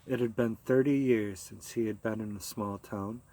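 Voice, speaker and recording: Guy reading a short story audiobook, calm and even. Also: on the low side, moderate pace, low-quality recording. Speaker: audiobook narrator. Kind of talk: audiobook narration.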